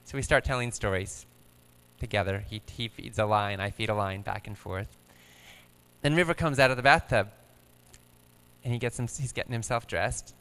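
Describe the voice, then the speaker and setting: Calm man telling a story in a clear, bright voice. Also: fairly low pitch, normal speed, pauses often, long reverb tail. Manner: calm, gentle storyteller, quiet stretches. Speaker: guest speaker. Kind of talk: personal storytelling on stage.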